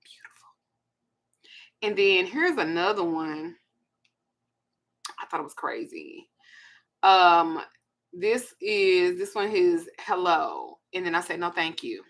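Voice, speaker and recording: A woman's voice: lowish voice, slow pace, pauses often. A woman with a Southern US accent hosting a casual monologue, blunt and laughing between her stories. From Texas. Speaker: host.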